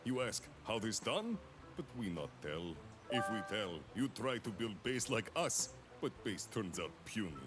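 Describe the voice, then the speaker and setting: A man voicing a gruff male mafia goon in a put-on Russian-style accent, speaking in clipped, blunt broken phrases. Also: fairly low pitch, very animated, a little slow, music in the background. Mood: boastful. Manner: clipped, blunt, article-dropping speech.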